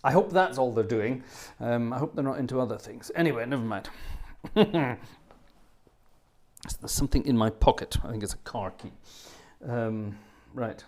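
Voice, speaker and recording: A middle-aged man chats casually to his live-stream viewers between pieces. He rambles from story to story with jokey asides, in a medium-pitched voice. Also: normal speed, pauses often, a little mellow. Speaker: organist and livestream host.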